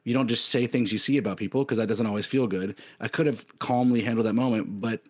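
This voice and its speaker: A man's voice: mid-range voice, fairly even intonation, fast talker, a little mellow. A man in his thirties co-hosting a podcast, talking candidly in a rambling way, full of fillers and restarts. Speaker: podcast co-host. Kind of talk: casual chat.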